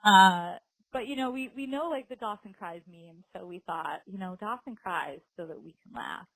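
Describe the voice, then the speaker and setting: A woman's voice: mid-range voice, normal speed, a bit bright, no room sound, rough recording. A woman co-hosting a podcast in casual chat, laughing often and talking with lots of fillers. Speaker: podcast co-host.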